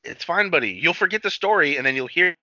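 Animated man swearing on a lo-fi podcast. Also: fairly high pitch, fast talker, no echo. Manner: loose, swearing, animated storytelling. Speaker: podcast co-host. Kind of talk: casual chat.

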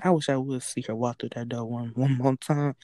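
A woman who works a fast-food drive-thru window, telling a work story in casual chat, acting out the quoted exchanges and swearing freely. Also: a bass voice, fairly even intonation, warm tone, dry recording, poor audio.

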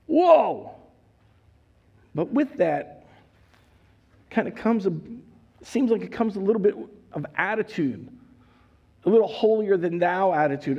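A man preaching a sermon, animated and joking, acting out characters as he goes. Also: sits high, gravelly, breathy edge, lo-fi sound. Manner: animated, acts out voices, jokes. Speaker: pastor.

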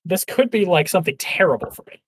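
A man playing a tabletop game, reacting quickly and swearing. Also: sits high, expressive, a bit bright, husky, no echo. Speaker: player.

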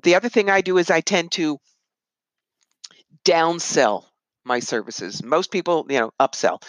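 A woman psychic medium and author, a guest in an interview, telling animated stories and putting on voices when she quotes people. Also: low voice, unhurried, pauses often, dry recording, low-quality recording. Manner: animated, puts on voices when quoting others. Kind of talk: conversational interview storytelling.

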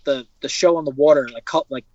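A young man hosting a casual chat, telling stories in an animated way and swearing freely. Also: fairly high pitch, fast talker, dry recording. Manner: profane, animated storytelling. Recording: dull, dry lo-fi recording.

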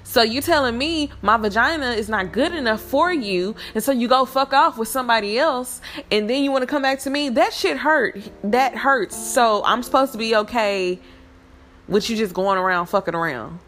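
A woman vents in a blunt, heated and profane monologue. Her voice sits fairly high, and faint music plays behind her. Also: moderate pace, a bit bright. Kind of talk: casual venting monologue.

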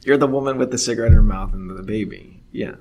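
A man's voice: on the low side, fast, noisy background. A man co-hosting a podcast, musing in casual chat with restarts. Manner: musing, thinks aloud with restarts. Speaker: podcast co-host.

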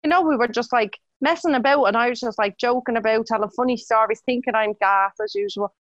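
A young woman with an Irish accent tells dating stories in a relaxed, chatty way. Her voice sits a little high and sounds dry and close, with no room around it. She laughs easily as she talks. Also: fast, no echo, dull audio. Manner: chatty storytelling, laughs often. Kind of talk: casual chat.

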